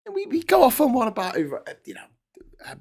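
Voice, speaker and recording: A middle-aged Scouse man hosts a livestream news chat, reading out super chats in casual commentary. His voice is very high-pitched with wildly swooping pitch, fairly quick, darkish and slightly rough. Brief and rambling, he's sarcastic, swears, and makes lots of false starts.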